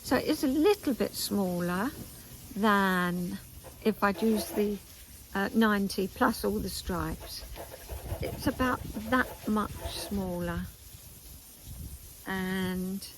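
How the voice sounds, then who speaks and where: Older woman, knitting vlog host, slow and rambling, garden chat with faint background. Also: mid-range voice, a little hiss or hum, low-quality recording. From England. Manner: chatty and meandering, with asides and pauses. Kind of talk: casual chat to camera. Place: garden, outdoors.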